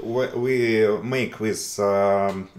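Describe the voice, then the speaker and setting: Russian man, low voice, hesitant broken english, echoey room. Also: steady tone, a little mellow. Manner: halting broken English with many fillers and laughs. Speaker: guest. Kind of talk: casual conversation.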